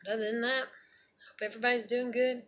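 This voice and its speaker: A woman's voice: on the high side, flat delivery, fairly quick, a bit bright. A woman talking to her viewers in a rambling, profane, emotional confessional vlog. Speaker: mother vlogging to her viewers.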